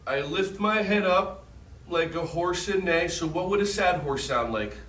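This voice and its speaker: A man leading a children's yoga lesson in a gentle, encouraging, playful way. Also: high voice, unhurried. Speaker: kids yoga instructor. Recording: echoey room, mic at a distance.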